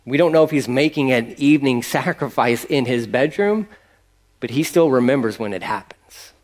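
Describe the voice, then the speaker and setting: A man preaching a sermon in a lively, conversational way, acting out little asides. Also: medium pitch, moderate pace. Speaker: pastor.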